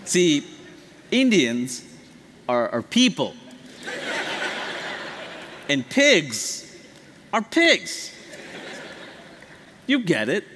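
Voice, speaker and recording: A man in his late thirties from the United States giving an animated, profane, emphatic comedic talk on stage. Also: on the high side, very slow, pauses often, a little hiss or hum. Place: large hall on stage. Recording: echoey hall.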